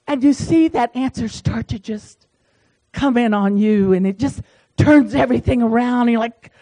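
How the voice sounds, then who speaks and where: A woman's voice: a little high, normal speed, mellow, poor audio. A woman leading a small-group Bible study, talking in a folksy, chatty way and reading verses aloud. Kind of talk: casual Bible study teaching.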